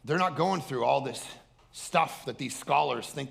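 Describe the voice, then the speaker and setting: A male pastor preaching an energetic sermon, loud and animated, often breaking into acted-out voices. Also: mid-range voice, measured pace, creaky. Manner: animated, loud, acts out other people's voices.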